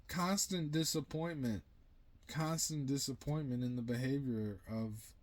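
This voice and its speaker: Man, young adult, venting vlog, profane and blunt, agitated rambling, ordinary mid-pitched voice. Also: a little mellow. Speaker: vlogger.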